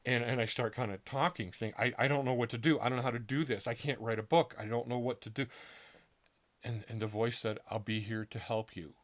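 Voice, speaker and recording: A middle-aged man tells a personal story in an earnest, casual way. He stumbles and restarts now and then and acts out the voices of the people in it. His voice sits at an ordinary middle pitch. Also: steady tone. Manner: earnest, halting, with restarts and acted-out quotes. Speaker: author telling his story.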